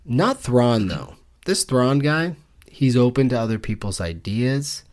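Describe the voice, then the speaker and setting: A man co-hosting a podcast, discussing a book casually with a joking, deadpan tone of mock business talk. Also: mid-range voice, measured pace. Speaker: podcast co-host.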